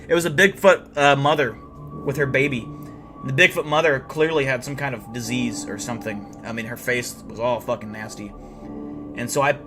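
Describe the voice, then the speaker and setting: A young man hosting a livestream, telling deadpan, boastful tall tales in a rambling way full of fillers. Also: mid-range voice. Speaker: livestream host. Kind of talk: comedic in-character livestream storytelling.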